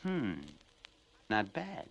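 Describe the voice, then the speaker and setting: Storybook record: man voicing a tired old hound dog, out of breath, halting, slow. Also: mid-range voice, sing-song, creaky, muffled recording, a little hiss or hum, heavily acted. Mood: weary. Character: old, weak male hound, weary.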